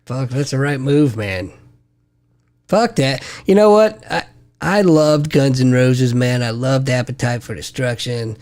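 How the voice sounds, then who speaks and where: A man's voice: mid-range voice, measured pace, a little mellow. A middle-aged man co-hosting a podcast, laid-back and profane, mostly chiming in with short replies. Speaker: podcast co-host. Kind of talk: casual chat.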